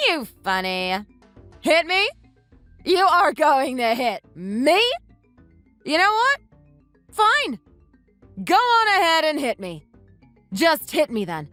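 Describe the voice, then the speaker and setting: A text-to-speech woman's voice voicing a scornful, sharp-tongued young wife who scolds her husband in a text-message story. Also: fairly high pitch, very animated, normal speed, no echo, faint music behind. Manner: mocking, scolding.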